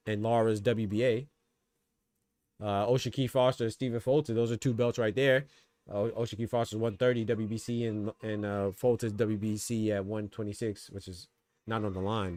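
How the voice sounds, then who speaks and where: A man's voice: on the low side, a little mellow, dry recording. A man hosting a boxing podcast, giving loose, slangy live fight commentary and talking to his chat.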